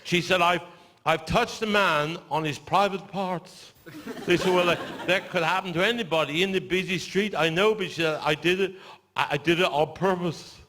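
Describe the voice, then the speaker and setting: An older man with a Cornish accent telling stand-up stories, with dry deadpan asides after each punchline. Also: sits high, normal speed. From Cornwall. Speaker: stand-up comedian. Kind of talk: stand-up storytelling. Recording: live show in a large hall with audience laughter.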